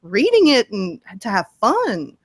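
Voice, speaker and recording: A woman's voice: fairly high pitch, wildly swooping pitch, measured pace, no echo, clean studio sound. A woman guest in a casual interview, telling stories in a chatty way and laughing often. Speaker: interview guest, story narrator.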